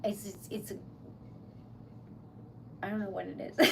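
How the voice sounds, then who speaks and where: A woman's voice: medium pitch, flat delivery, a little slow, gravelly, long pauses, a bit bright, slightly rough. A young woman, chatting casually on a craft livestream, giggly and easily flustered as she thanks her chat. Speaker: livestream host.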